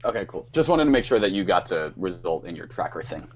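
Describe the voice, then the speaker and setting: A man's voice: low voice, sing-song, quick pace, muffled recording. A man playing in a tabletop game, chatting eagerly and politely. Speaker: player. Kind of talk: casual game chat.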